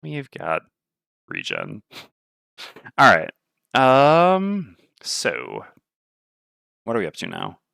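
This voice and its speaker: Lively gravelly man thinking aloud. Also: mid-range voice, extremely slow, pauses often, no echo, studio quality. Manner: muttering, weighing options aloud. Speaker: board game player. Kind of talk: thinking aloud while playing a board game.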